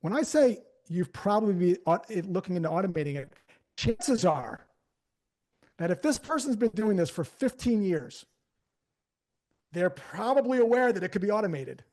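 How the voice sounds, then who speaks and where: A man coaching a sales team live on stage, energetic and conversational, acting out phrasings as he goes. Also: sits high, normal speed. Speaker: sales trainer. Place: on stage before an audience.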